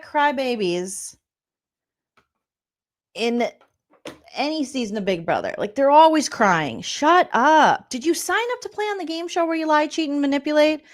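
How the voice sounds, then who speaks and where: A woman in her forties, a comedian, doing a sarcastic, exasperated reaction rant with plenty of swearing. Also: high voice. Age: 40s.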